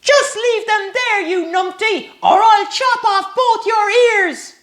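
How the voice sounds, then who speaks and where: A man voicing a tiny, bold and cheeky male knight in a storybook, with a high, shouty bluster. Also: slow, exaggerated voice. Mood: defiant.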